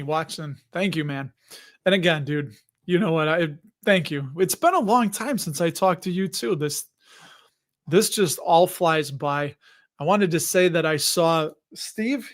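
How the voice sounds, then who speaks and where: A man in his forties hosts a relaxed live stream with a high voice. He talks in a loose, rambling way, greets viewers by name and laughs often between lines. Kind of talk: casual live stream chat.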